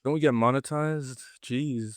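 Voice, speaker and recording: A man's voice: mid-range voice, steady tone, a little slow, dry recording, studio quality. A man from Ireland with an Irish accent, a playwright being interviewed, blunt and self-deprecating with frequent swearing. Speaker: playwright guest. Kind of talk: casual interview.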